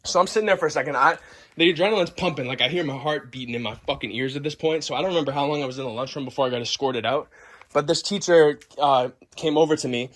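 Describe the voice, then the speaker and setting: A young man vlogger telling a story in a loud, profane, boisterous way, acting out the scenes as he goes. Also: on the high side, quick pace. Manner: boisterous, swears constantly, acts the story out.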